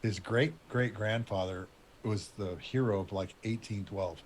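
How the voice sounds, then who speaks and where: Low-voiced man spinning a rambling war story. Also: a little hiss or hum. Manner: rambling, conversational, pauses to recall names. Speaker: retired Air Force officer telling a war story. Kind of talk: casual storytelling.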